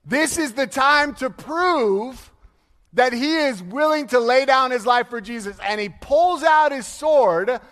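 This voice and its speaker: A male pastor preaching a sermon in a lively, storytelling way, laughing and acting out the people he quotes. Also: very high voice, slow. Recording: long hall reverb.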